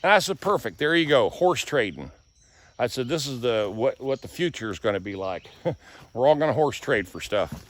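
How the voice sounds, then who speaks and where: A man's voice: mid-range voice, animated, a little fast. A man vlogging casually, walking through his garden and telling folksy stories. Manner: folksy storyteller. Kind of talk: casual vlog walk-through. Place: rural garden outdoors.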